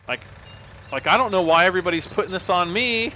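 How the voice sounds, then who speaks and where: A man's voice: sits high, lively intonation, a little fast, pushed and bright, slight background noise. A man on a livestream telling a long personal story in a casual, rambling way, full of restarts and "like".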